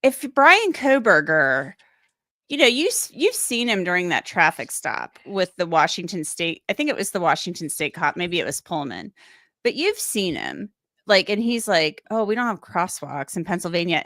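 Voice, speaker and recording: A woman's voice: fairly low pitch, big pitch swings, normal speed, sharp tone, no room sound, clean studio sound. A woman hosting a true crime podcast, chatting in a rambling way and acting out quotes. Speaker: true crime show host. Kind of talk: casual podcast discussion.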